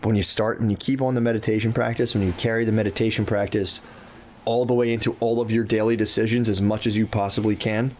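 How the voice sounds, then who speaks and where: This podcast co-host talks fast in a fairly even, slightly mellow voice on the low side, over slight background noise. The chat is loose and casual; he swears freely, says "dude" a lot, and acts out his own thoughts.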